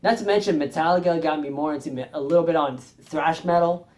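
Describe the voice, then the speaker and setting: A man speaks fast in a slightly high, slightly mellow voice while vlogging about music videos. He rambles casually, revises his words often and keeps chuckling.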